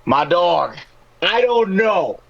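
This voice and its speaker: A man's voice: high-pitched, very animated, slow, vocal fry, highs cut off, noisy background. A man from New Jersey whose accent has faded, talking loosely as a podcast guest and telling stories with casual swearing. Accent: New Jersey, weakened. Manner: loose, laid-back storytelling with swearing. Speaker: guest, pro player.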